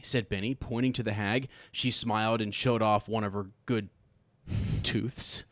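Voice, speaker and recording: A man's voice: lowish voice, steady tone, a little slow, fairly bright tone, no echo. A man co-hosting a casual podcast chat, reading jokes aloud, laughing often and stumbling over words. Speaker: podcast co-host.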